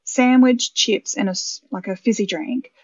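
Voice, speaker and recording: An Australian woman hosts a relaxed podcast conversation, chatty and quick to laugh as she tells her stories. The recording is dry and close, with a slightly dull, muffled tone. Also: medium pitch, no room sound. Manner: chatty, animated storyteller who laughs easily. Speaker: podcast host. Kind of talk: casual conversational chat.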